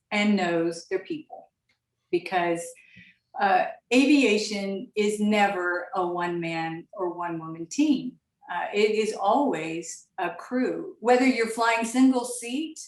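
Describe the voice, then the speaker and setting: Middle-aged woman guest, steady storytelling, roomy sound from afar. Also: medium pitch. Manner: measured storytelling, frequent restarts. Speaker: retired airline captain, guest. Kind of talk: interview answers over a call. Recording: echoey, distant mic.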